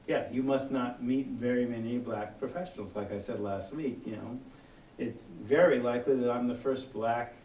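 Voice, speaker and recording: A man with a General American accent, teaching a college class in an easygoing, chatty way, often acting out little back-and-forth exchanges. The sound is roomy and echoey, taken from a mic set some way off across the room. His pitch sits in a middle range. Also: a little mellow, recorded from a distance, a little hiss or hum. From Los Angeles area, US. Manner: conversational, with many "you know" fillers and quoted dialogue. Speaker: college instructor. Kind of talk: classroom lecture. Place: lecture room.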